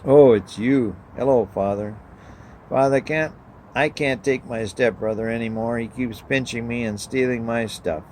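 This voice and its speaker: A man's voice: medium pitch, unhurried, darkish tone, a little hiss or hum, close to an everyday voice. A man voicing a despairing teenage girl Mert. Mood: pleading. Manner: pleading, despairing. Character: miserable teenage girl, self-pitying and despairing.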